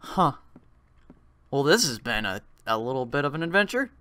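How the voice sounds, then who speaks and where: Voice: mid-range voice, moderate pace, no echo. A let's play host chatting casually and joking while playing a horror game. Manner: animated, jokey, chatty.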